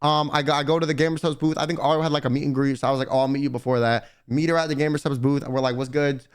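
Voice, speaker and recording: A man's voice: mid-range voice, fairly even intonation, racing, clear, resonant tone. A man streaming live, casually telling a long convention story to his chat, rambling and swearing a lot.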